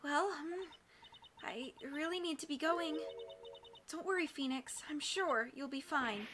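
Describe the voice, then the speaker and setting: A woman voicing a calm lawyer mentor. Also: high voice, unhurried, a little hiss or hum, voice pushed up. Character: calm, composed female defense attorney mentor.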